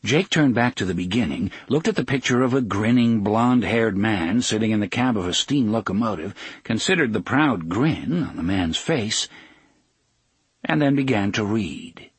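A man's voice: lowish voice, expressive, moderate pace, husky, no echo. A man reading a novel aloud as audiobook narrator, expressively voicing each character. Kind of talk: scripted narration.

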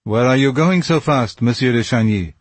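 Mysterious grave stranger, calm and measured, with a husky voice, read by a man. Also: mid-range voice, no echo, close to an everyday voice.

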